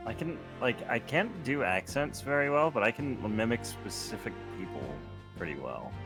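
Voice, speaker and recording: A man's voice: medium pitch, very animated, moderate pace, over loud music. Laid-back man in casual chat.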